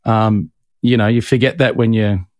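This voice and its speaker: A man's voice: lowish voice, fairly even intonation, moderate pace, no room sound. An Australian man, a singer guest on a podcast, talking loosely in casual chat with many restarts. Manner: loose, rambling talk full of restarts and laughs.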